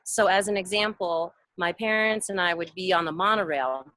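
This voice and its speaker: A woman voice actor, a guest on a video call interview, telling stories in a lively way and acting out the voices she quotes. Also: lowish voice, normal speed, no echo. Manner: animated storyteller, acts out quoted voices. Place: home in a mountain town.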